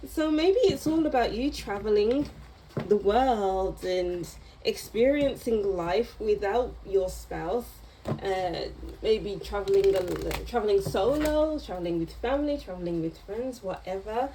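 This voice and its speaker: A woman's voice: mid-range voice, expressive, measured pace, mellow, slight background noise, poor audio. A woman giving a casual tarot reading to camera, chatty and meandering, with small laughs as she goes. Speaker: tarot reader.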